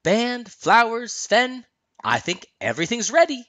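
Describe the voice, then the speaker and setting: Man doing a playful young princess, raised voice, bouncy, lively, storybook reading. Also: very high-pitched, a little slow, voice pushed up, exaggerated voice. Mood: excited. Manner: bright, bouncy enthusiasm.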